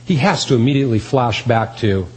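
Man, pastor, sermon, earnest, repeats phrases for emphasis, mid-pitched voice. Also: lively intonation, fairly quick, poor audio.

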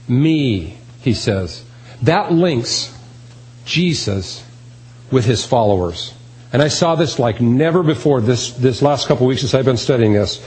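A man's voice: medium pitch, animated, a little slow, darkish tone, poor audio. A man preaching a sermon, earnest and emphatic, repeating key phrases. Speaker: pastor.

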